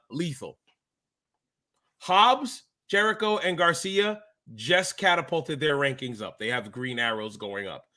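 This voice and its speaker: A man with a bright, forceful voice pitched a little high rants as a worked-up fan. He co-hosts a podcast in casual chat, and his talk is emphatic and exasperated. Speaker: wrestling podcast co-host.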